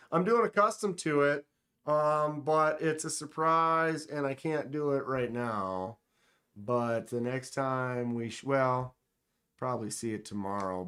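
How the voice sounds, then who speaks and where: A man hosting a casual live stream, joking around and talking straight to his chat with quick exclamations. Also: mid-range voice, a bit bright, smooth. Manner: playful, joking, talks to chat directly; exclaims short interjections. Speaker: livestream host.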